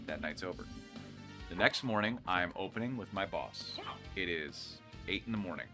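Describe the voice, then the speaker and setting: A man's voice: deep voice, normal speed, music in the background. A man casually telling a work story while playing a game, acting out the people in it. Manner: animated, acts out the people in his story. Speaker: co-host. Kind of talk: casual storytelling over gameplay.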